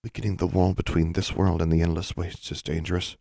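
A man voicing a guarded teenage necromancer girl who speaks quietly and grudgingly in an audiobook. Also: sits low, little pitch movement, brisk, vocal fry, no room sound, studio quality. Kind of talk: audiobook character voice.

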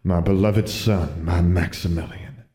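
A man's voice: low voice, steady tone, a little fast, warm tone, reverberant, lightly acted. A man playing a proud, devoted wizard father. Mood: tender. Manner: earnest and tender.

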